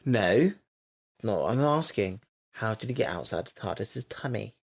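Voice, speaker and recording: A man's voice: lowish voice, expressive, unhurried, slightly rough. A man co-hosting a podcast, chatting casually in a blunt, teasing and playfully stubborn way. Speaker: podcast co-host. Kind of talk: casual chat.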